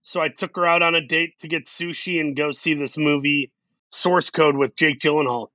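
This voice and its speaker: A man's voice: on the high side, steady tone, normal speed, bright, forceful tone, no room sound, muffled recording. A man, an actor guest, telling long self-deprecating stories in a casual interview. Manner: rambling, self-deprecating anecdotes.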